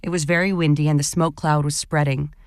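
A woman actor calmly reading a first-person story as scripted narration. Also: deep voice, brisk, clear, resonant tone, dry recording, studio quality.

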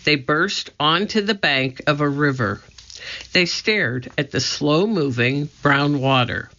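A man reading a children's storybook aloud, narrating slowly and deliberately. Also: a little high, expressive, pushed and bright. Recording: dull lo-fi recording.

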